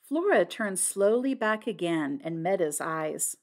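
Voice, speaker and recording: A woman reading a classic mystery novel aloud as an audiobook narrator, with expressive delivery. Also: on the low side, unhurried.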